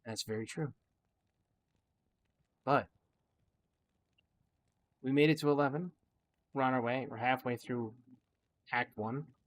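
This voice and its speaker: A man's voice: mid-range voice, takes it slowly, pauses often. A man hosting a gameplay video, musing at length in a reflective, opinionated, rambling way. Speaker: gaming channel host. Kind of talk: casual gameplay commentary with musings.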